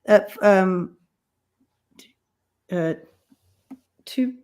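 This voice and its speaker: A woman's voice: medium pitch, drawn-out words, a little mellow. A woman hosting a casual livestream chat who rambles, with many fillers and restarts. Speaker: livestream host.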